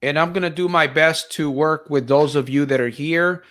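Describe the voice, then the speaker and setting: A man's voice: a little high, normal speed, fairly bright tone. A man from Stockton, California hosting a live-stream Q&A as a motivational life coach, earnest and repetitive, often restarting and repeating his phrases.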